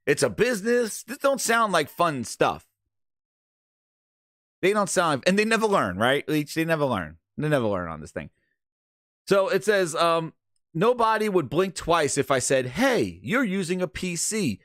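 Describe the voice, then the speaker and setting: A man's voice: fairly high pitch, very animated, a little slow, fairly bright tone, dry recording, clean studio sound. A man hosting a gaming channel, doing crude, joking commentary.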